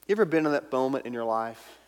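A man's voice: medium pitch, lively intonation, quick pace, clean tone. Man preaching in a reverberant hall. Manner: emphatic, drops to a soft intimate tone at times. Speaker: pastor. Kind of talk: sermon. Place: church sanctuary.

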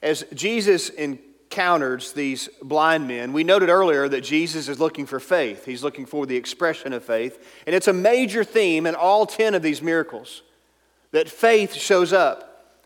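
A man's voice: fairly high pitch, a little slow. Man preaching in a reverberant hall. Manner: emphatic, drops to a soft intimate tone at times. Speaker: pastor. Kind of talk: sermon. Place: church sanctuary.

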